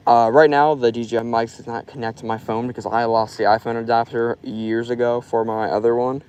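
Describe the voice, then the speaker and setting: This is a young Florida man's casual river-side fishing live stream, loose and rambling and packed with "like." His medium-pitched voice barely moves in pitch, comes fairly quick and a little mellow, and the tone is clean but with the highs cut off.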